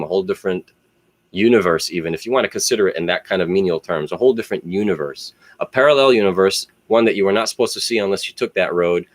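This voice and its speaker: A man's voice: on the low side, no echo. A man talks on his own, rambling from thought to thought and swearing freely. The sound is dry and close, with no room around it. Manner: rambling, profane, philosophizing. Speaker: solo video host. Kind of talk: rambling monologue.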